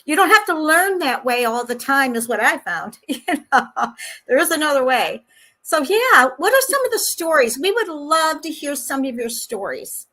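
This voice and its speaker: A woman's voice: sits high, big pitch swings, moderate pace, bright, forceful tone, rough recording. A woman hosting a talk show, affirming her guest often and rambling with many "you know"s. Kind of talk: casual interview talk.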